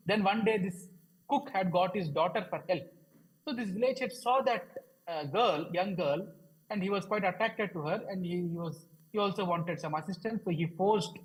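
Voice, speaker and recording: A man's voice: high-pitched, husky, poor audio. A man telling a story at a devotional program, hesitant, with many fillers and restarts. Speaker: devotional speaker. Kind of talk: storytelling talk.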